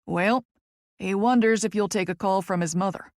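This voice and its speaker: A woman's voice: mid-range voice, normal speed, no echo, studio quality, lightly acted. Woman voicing a folksy Kentucky lawyer man. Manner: folksy, calls her honey. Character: small older lawyer man with a thick drawl.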